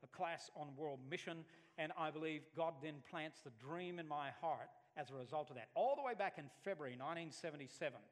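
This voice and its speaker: A man's voice: a little high, fairly quick, long reverb tail. A man from Alabama, preaching a sermon and telling stories with acted-out voices. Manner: animated storytelling, acts out voices. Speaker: pastor.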